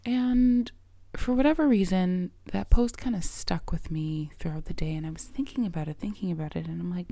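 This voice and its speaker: A middle-aged woman hosting her own podcast as a coach, talking in an earnest, reflective way and often dropping to a soft, breathy near-whisper. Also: fairly low pitch, brisk, hardly any pauses, no room sound. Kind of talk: reflective solo podcast talk.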